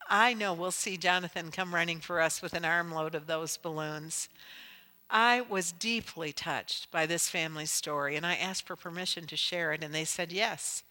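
A middle-aged woman preaching from a stage, her bright, forceful voice sitting a little low in pitch. She shifts from quiet storytelling to loud, impassioned exhortation. The sound rings with the long reverb of a large hall. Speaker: Christian speaker. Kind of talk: sermon with storytelling.

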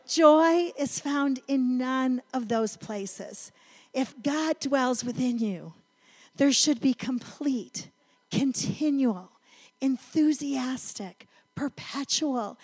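Middle-aged woman preaching, tells stories with big build-ups, kinda high voice. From North Carolina. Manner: animated storyteller, emphatic build-ups. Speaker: women's ministry speaker. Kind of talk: sermon with storytelling.

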